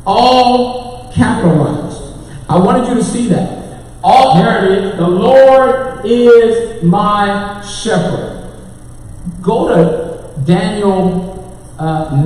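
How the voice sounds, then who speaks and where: A pastor with a Texan accent preaches a sermon in a church sanctuary, calling out to his congregation and tech crew. His voice sits high with a darkish tone, moving very slowly with long pauses. The mic is far off in an echoey hall.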